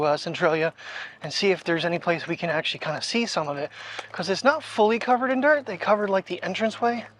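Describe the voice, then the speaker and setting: A man's voice: a little high, fairly bright tone. A man chatting casually to the camera while out on a walk, rambling and thinking aloud with lots of fillers. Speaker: daily vlogger. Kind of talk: casual vlog chat. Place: outdoors on a walk. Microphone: wireless clip-on mic.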